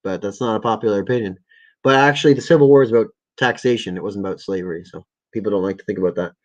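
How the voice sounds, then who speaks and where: A man's voice: lowish voice, rapid-fire, a little mellow, lo-fi sound. A man hosting a casual livestream, reading articles and viewer comments aloud, stumbling over words, correcting himself and swearing often, sounding a little tired. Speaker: livestream host.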